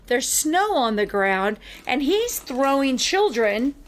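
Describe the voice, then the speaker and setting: Chatty woman, fairly high voice. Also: takes it slowly. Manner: animated and chatty, with frequent fillers. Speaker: podcast co-host. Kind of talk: casual storytelling chat.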